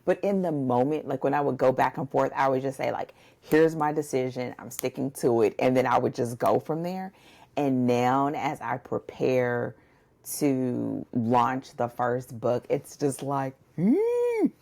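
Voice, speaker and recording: A woman with a very low, gravelly voice co-hosts a book podcast. She talks casually and loosely, full of fillers and asides to her listeners. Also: steady tone, measured pace, darkish tone. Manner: chatty, drawls "y'all, listen", many fillers. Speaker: podcast co-host and book coach. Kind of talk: casual chat.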